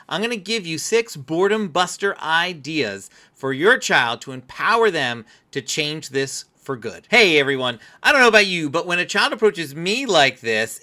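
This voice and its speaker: A man's voice: fairly high pitch, sharp tone. A man giving an earnest, explanatory parenting lesson straight to camera. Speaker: parenting coach. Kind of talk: instructional talk to camera.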